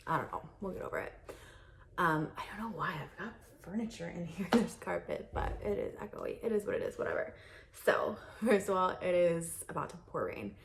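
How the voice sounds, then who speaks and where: Chatting openly to her tripod-mounted camera in a carpeted guest room, this young vlogger rambles, laughs and leans on fillers. Her voice sits on the low side, creaky and lively in intonation, moving a little fast over a noisy background.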